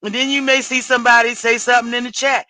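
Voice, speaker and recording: Middle-aged woman host, casual and cussing, bright dry voice. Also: on the high side, little pitch movement, fast talker, dry recording, low-quality recording. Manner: blunt, salty, cussing and exasperated. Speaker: livestream host. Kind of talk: casual livestream chat.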